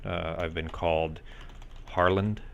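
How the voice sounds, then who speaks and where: A man's voice: sits low, little pitch movement, unhurried, creaky, a bit bright, muffled recording, a little hiss or hum, heavily acted. A man voicing a mysterious, grinning male trickster who goes by many names, speaking slyly and theatrically. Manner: sly, theatrical, sing-song at times.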